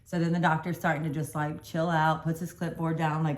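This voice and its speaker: A woman's voice: low-pitched, fairly quick. A woman telling a personal story in a casual storytime vlog, rambling and correcting herself as she goes. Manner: rambling, self-correcting, animated. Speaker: vlogger telling a birth story.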